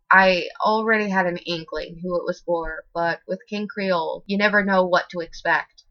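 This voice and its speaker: A woman narrating a horror story in a measured storytelling voice. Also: on the low side, sharp tone, no echo, muffled recording.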